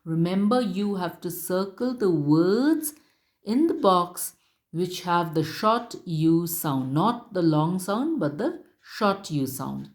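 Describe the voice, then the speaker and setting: A woman's voice: lowish voice, very animated, takes it slowly. A woman teacher giving a recorded lesson to children, speaking patiently, spelling words out letter by letter and repeating her instructions.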